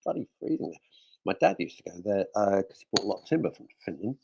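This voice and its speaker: A man's voice: lowish voice, big pitch swings, fast talker, vocal fry, lo-fi sound, background noise. A male radio host chatting casually in a studio, cracking jokes and reading out listener messages. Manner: jokey, rambling, talks to himself.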